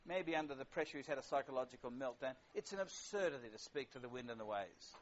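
A man's voice: medium pitch, lively intonation, fast talker, slight background noise. A middle-aged man preaching a sermon in a conversational, wry way, with frequent fillers. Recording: lo-fi dull sound.

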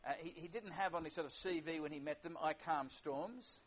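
A man's voice: on the high side, fairly even intonation, fast talker. Middle-aged male preacher, casual wry sermon delivery with fillers, dull lo-fi sound. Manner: conversational, wry, with frequent fillers.

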